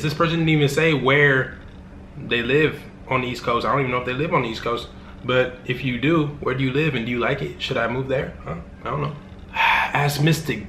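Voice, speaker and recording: A man's voice: medium pitch, fairly bright tone, a little hiss or hum. A young man answering fan questions in a casual vlog, joking and rambling in loose, slangy talk. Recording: roomy room with faint ambience.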